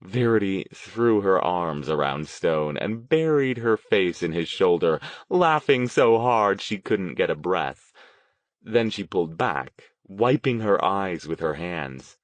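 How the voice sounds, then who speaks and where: A man narrating an audiobook with expressive storytelling. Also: low-pitched, a little slow, dry recording. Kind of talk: scripted narration.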